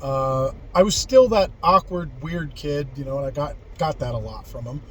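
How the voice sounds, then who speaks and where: A man's voice: a little high, moderate pace, a little hiss or hum, low-quality recording. Candid man rambling through a story. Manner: rambling and candid, with frequent profanity and restarts. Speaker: vlogger telling life stories. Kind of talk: casual personal storytelling.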